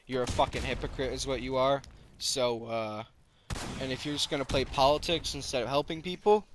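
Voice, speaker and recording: A man's voice: medium pitch, fairly bright tone, slight background noise. A man ranting in an exasperated, sarcastic, profane way over gameplay footage, as the creator of the video.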